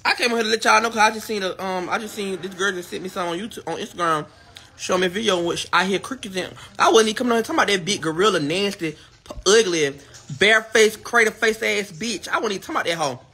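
Brief: rapid, bright, profane livestream rant full of insults. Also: medium pitch, breathy edge. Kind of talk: ranting to the camera on a livestream.

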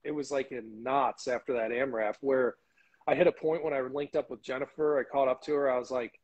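A man's voice: medium pitch, steady tone, brisk, a little mellow, breathy edge, highs cut off. A man joining an interview by phone, talking loosely with lots of fillers. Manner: loose, filler-heavy talk. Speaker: guest. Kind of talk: casual interview chat. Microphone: phone on a call.

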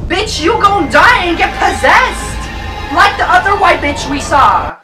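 A woman YouTuber reacting to videos, screaming, swearing and exclaiming loudly, recorded in a roomy space with the mic at a distance. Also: very high voice, very animated, a little slow, over loud music.

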